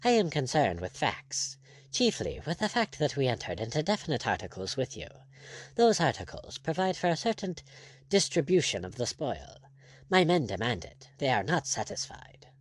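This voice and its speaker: A man's voice: medium pitch, big pitch swings, moderate pace. A man voicing a bold, ironic buccaneer captain who speaks bluntly and firmly.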